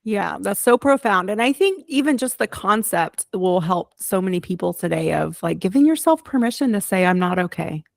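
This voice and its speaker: A woman's voice: medium pitch, expressive, moderate pace, vocal fry, hardly any pauses, no room sound. Reflective woman hosting a podcast, dry sound. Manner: affirming, reflective. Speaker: podcast host. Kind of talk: conversational interview.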